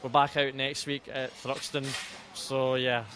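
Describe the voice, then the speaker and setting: A man's voice: mid-range voice, flat delivery, measured pace, a bit bright. A young Scottish man, a racing driver, answering interview questions with many repeated words and restarts. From Scotland. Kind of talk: post-race interview. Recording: outdoor interview with clear background noise.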